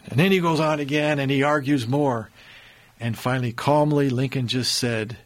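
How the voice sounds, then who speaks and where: A man of middle pitch tells a historical story in an easygoing conversational way. He leans into key moments with rising emphasis and often restarts his sentences. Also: moderate pace. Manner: earnest, builds emphasis, frequent restarts.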